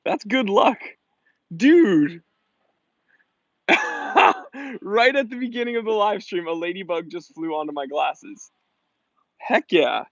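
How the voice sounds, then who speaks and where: A chatty American man with a somewhat high voice hosts a relaxed live-stream chat, reading out viewer comments with an upbeat, laughing manner. He is recorded outdoors with dry, close sound. The audio is a little dull and lo-fi. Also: no room sound.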